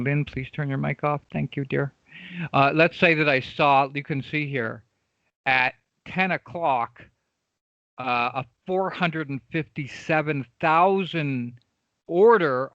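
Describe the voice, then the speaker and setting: A man's voice: medium pitch, gravelly, fairly bright tone, dry recording, highs cut off. A man teaching a live online trading class, emphatic and repetitive, often checking in with his students. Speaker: trading coach.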